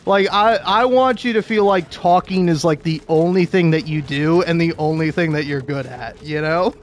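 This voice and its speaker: A man's voice: fairly high pitch, normal speed, a little hiss or hum. A man giving casual, rambling commentary over a video game playthrough. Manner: rambling, many fillers and restarts. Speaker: gaming streamer.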